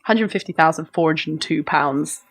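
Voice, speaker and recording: A woman chats as a podcast co-host with a notably low, deep-set voice. She talks haltingly, filling gaps with ums and laughing easily. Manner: hesitant, lots of ums, laughs often. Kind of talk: casual chat.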